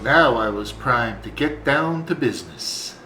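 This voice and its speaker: A man plays a gruff German Shepherd mob father narrating a cartoon noir with deadpan wisecracks. His voice sits at an ordinary middle pitch and carries a roomy echo. Faint music plays underneath. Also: measured pace, natural voice. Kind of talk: hard-boiled comedic narration.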